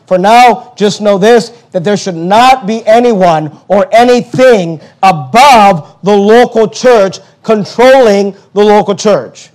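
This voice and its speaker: Male pastor, high voice, fervent sermon delivery with brisk asides. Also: a little mellow. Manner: fervent preaching, quick asides to the congregation.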